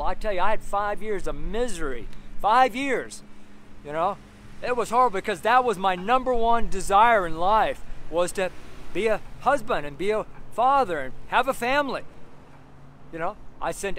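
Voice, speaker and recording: A man with a high, fairly bright voice gives an earnest, rambling personal testimony as a street preacher, packed with "you know" fillers and repeated phrases. He's recorded outdoors with street traffic nearby.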